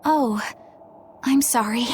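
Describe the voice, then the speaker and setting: A woman's voice: fairly high pitch, takes it slowly, a little mellow, a little hiss or hum. A prim, earnest young woman. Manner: polite, earnest, a bit prim. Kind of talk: game voice acting.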